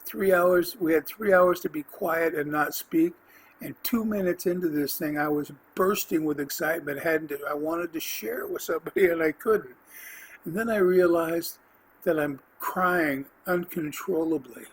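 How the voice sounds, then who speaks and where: A man hosting a podcast, telling his personal faith testimony in an earnest, rambling way, with restarts and the odd throat clearing. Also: on the high side, normal speed, rough recording. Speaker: podcast host.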